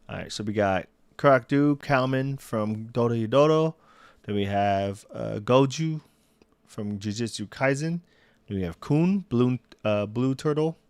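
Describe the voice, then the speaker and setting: A man's voice: fairly low pitch, darkish tone, clear, resonant tone, dry recording. A young man chatting casually on a solo livestream, rambling, restarting sentences and laughing at himself. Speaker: streamer. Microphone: desk mic.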